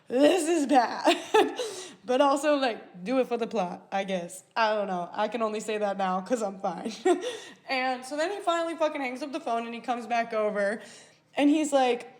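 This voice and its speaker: A woman in her twenties hosting a podcast, telling a personal story in a casual, animated way, swearing freely and acting out what people said. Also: fairly high pitch. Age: 20s. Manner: animated, swears freely, acts out quoted voices. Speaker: podcast host.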